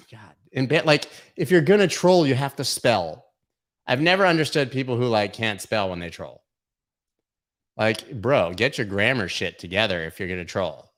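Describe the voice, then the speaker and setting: A man with a lowish voice hosts a livestream, talking through market charts in a loose, profane way. He mocks trolls and jokes as he goes. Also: a bit bright. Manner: irreverent, profane, mocking. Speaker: crypto livestream host. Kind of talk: casual livestream chart commentary.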